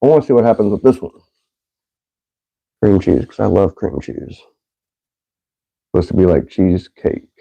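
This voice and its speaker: A man's voice: deep voice, lively intonation, moderate pace, vocal fry, long pauses, muffled recording. A man hosting a casual podcast, doing a food taste challenge, laughing often and swearing casually. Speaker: podcast host.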